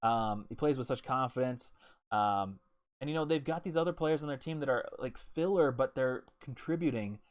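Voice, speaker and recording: A man's voice: medium pitch, moderate pace. A man co-hosting a casual sports talk show, hesitant and opinionated, with many fillers. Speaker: podcast co-host.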